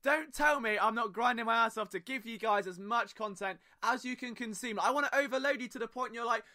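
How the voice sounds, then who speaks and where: A man's voice: extremely high pitch, fairly quick, few pauses, bright, forceful tone. A young British man hosting a podcast alone, talking casually with sarcastic, self-mocking asides. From Britain. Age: young adult. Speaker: podcast host. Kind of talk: casual solo podcast monologue.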